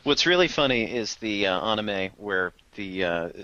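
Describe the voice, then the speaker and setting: Man with a low, bright, dry voice. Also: expressive, dry recording, lo-fi sound. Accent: American. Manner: measured, with frequent filler words. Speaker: channel's YouTube administrator. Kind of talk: casual chat.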